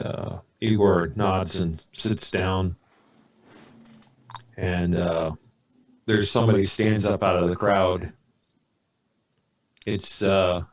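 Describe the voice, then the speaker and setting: A man running a tabletop game as game master, narrating with lots of halting fillers. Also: low voice, lo-fi sound.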